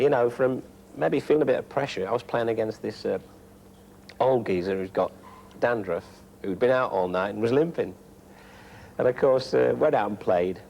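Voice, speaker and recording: A man, a former footballer, recalling a match in a relaxed interview, acting out his old manager's lines as he goes. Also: on the low side, vocal fry, slight background noise. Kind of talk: interview anecdote.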